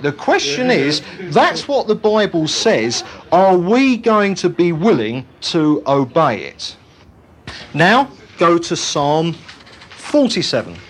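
Preacher, sermon, humorous, animated, swooping pitch, slightly husky. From Britain. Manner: animated and humorous, laughing at own jokes.

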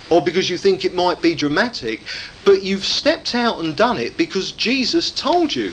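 Male preacher, high voice with a lively, swooping delivery; emphatic sermon style, keeps pressing rhetorical questions. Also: a little hiss or hum, poor audio.

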